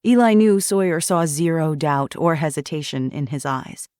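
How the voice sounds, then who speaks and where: A woman narrating a thriller audiobook in an even, measured reading. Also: sits low, no echo, clean studio sound.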